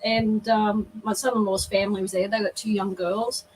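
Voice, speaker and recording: An older Australian woman telling a lively story in casual chat on a video call, laughing often. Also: medium pitch, moderate pace. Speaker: guest. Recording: distant mic, faint background noise.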